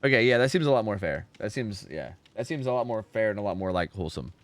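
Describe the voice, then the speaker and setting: Animated, rambling male streamer. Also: on the low side, fast talker, no echo. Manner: animated, rambling, full of fillers. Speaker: streamer hosting community matches. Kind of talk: casual live-stream chat.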